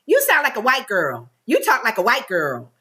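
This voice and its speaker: A woman co-host with a medium-pitched, bright voice that moves lively up and down. She keeps chiming in with quick agreement during casual chat.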